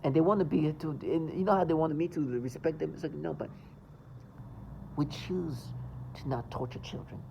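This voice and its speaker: A man's voice: fairly high pitch, normal speed, gravelly, dark tone, highs cut off, a little hiss or hum. A man delivering an agitated, insistent monologue to his viewers, rambling and emphatic. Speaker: vlogger.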